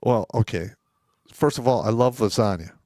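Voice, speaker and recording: A man co-hosting a casual podcast, telling profane war stories with loud outbursts. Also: mid-range voice, normal speed, dry recording, clean studio sound. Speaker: co-host; former first sergeant.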